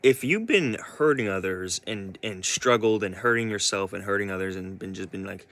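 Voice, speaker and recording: A man's voice: lowish voice, animated, moderate pace, fairly bright tone, dry recording. A man giving a casual spoken monologue as a vlogger, rambling with many restarts.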